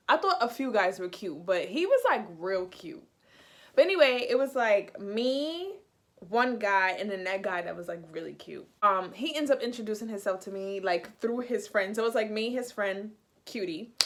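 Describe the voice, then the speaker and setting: A young woman from the United States, chatty and animated, telling a casual storytime in a vlog. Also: mid-range voice, moderate pace. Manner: chatty, animated, heavy use of "like". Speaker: vlogger.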